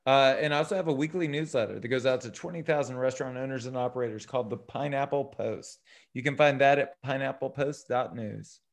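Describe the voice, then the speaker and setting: A man who owns restaurants, a guest on a casual interview over a video call, speaking in a brisk, straightforward way. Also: mid-range voice, vocal fry.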